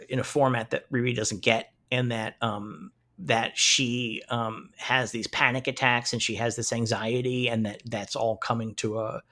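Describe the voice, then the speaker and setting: A man co-hosting a podcast, recapping a TV show in casual chat, animated and swearing freely. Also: medium pitch. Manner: animated, swears freely, acts out characters' lines in retelling. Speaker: podcast co-host.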